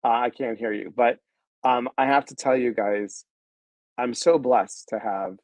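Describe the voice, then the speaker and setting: A man hosting a casual wellness livestream, effusive and heartfelt as he speaks straight to his viewers. His voice sits at an everyday middle pitch. The sound is close and dry, with no room around it. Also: unhurried, darkish tone, no room sound, poor audio. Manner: effusive and heartfelt, retelling conversations with quoted voices; talks straight to viewers, greeting them by name.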